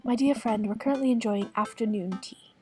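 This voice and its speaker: A woman voicing a gentle, old-fashioned goth man in a game, speaking softly and properly in a lowered voice. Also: fairly quick, soft background music, natural voice. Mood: lecturing. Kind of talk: reading game dialogue aloud.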